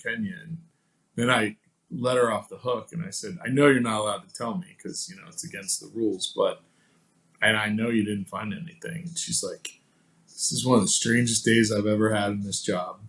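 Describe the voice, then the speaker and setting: Podcast guest, male, lowish voice, chatty storyteller who acts out the dialogue. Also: poor audio. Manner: animated, acts out quoted dialogue; casual, many fillers like "like" and "you know". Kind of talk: personal storytelling in conversation.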